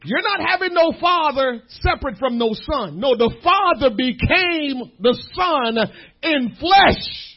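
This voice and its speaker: A man preaching a sermon, moving between slow, quiet teaching and loud, shouted emphasis. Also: very high-pitched, animated, highs cut off.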